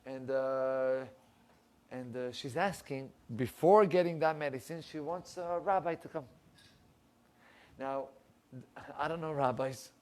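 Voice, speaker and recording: A rabbi telling a story, animated and acting out the people in it. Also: male voice, takes it slowly, long pauses. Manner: animated storyteller, acts out quoted voices, rising pitch in emotional lines. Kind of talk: storytelling sermon. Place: synagogue.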